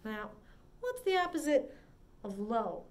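A woman leading a preschool story time, singing and talking in a bright, sing-song, encouraging way. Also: a little high, big pitch swings, takes it slowly. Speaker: children's librarian.

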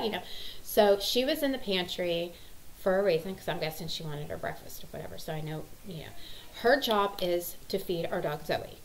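A woman's voice: on the low side, lively intonation, normal speed, slight background noise, poor audio. A woman, rambling through a story about her kids, exasperated. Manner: exasperated, rambling, acts out quotes. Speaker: mother vlogger. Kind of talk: casual storytelling vlog.

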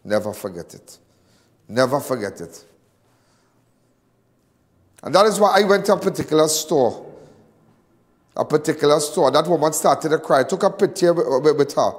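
A man's voice: fairly high pitch, fairly quick. Emphatic Trinidadian man, reverberant room. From Trinidad and Tobago. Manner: emphatic, repetitive, swinging between loud and hushed. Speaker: host. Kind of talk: impassioned monologue to viewers.

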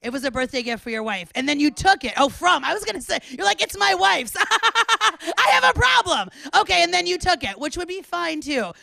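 A woman in her thirties hosting a live club show, loud and excitable, often laughing and chatting with the crowd. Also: very high-pitched, a little fast, vocal fry, dry recording. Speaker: comedian host. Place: small club, indoors.

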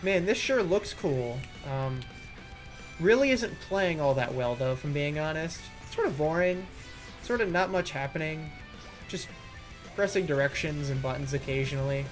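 A man giving let's-play commentary, sarcastic and critical as he rants about the game he is playing. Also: high voice. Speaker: gaming YouTuber. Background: faint game music.

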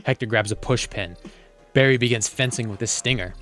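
Homem lendo roteiro em voz alta. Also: male voice, medium pitch, fairly quick, a bit bright, soft background music. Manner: reads stage directions aloud, stumbles on words. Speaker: host reading a movie script. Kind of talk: comedic script read-aloud.

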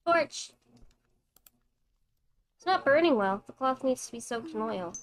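A high-voiced young woman streams a horror game at an unhurried pace, muttering her thoughts and cursing casually. Faint game music plays quietly behind her. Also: animated, low-quality recording. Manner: swears freely, thinks aloud. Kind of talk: casual gameplay commentary.

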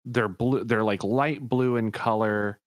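Game master, male, low voice, dry close sound, rambling descriptions that correct themselves. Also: fairly even intonation, unhurried, no echo. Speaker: dungeon master. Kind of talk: narrating a tabletop game.

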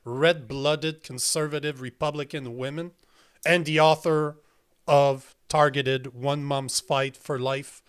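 A man's voice: a little high, steady tone, slow pace, clear, resonant tone. A man with a French accent hosting his podcast, blunt and emphatic and swearing casually. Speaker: podcast host. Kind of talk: casual interview talk.

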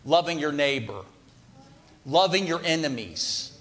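A man's voice: a little high, animated, unhurried, fairly bright tone. A man preaching a sermon in a church, talking conversationally and putting questions to the congregation. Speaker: pastor. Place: church sanctuary. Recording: long hall reverb.

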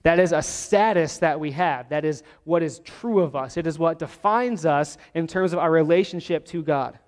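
A man preaching a sermon as pastor, teaching verse by verse and slowing down to stress key words. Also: a little high. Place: church sanctuary. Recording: long hall reverb.

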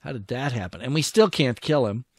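This man's voice is medium-pitched, expressive and darkish in tone, fairly quick, and recorded dry with clean studio sound. As he commentates his strategy war game, he mutters to himself and his units and grumbles whenever an attack goes wrong.

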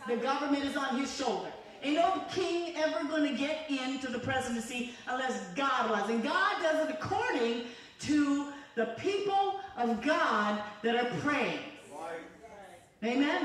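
Woman preaching in an echoey church. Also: fairly high pitch. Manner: fervent, conversational preaching with call-and-response. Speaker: evangelist. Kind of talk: sermon. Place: church sanctuary. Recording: echoey church hall from far off.

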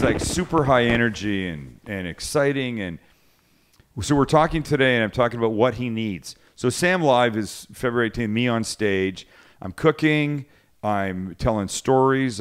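A man's voice: mid-range voice, clean tone. A man hosting a cooking show's live cast, rambling through a story with restarts and acting out both sides of a phone call. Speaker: cooking show host. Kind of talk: casual live-cast chat.

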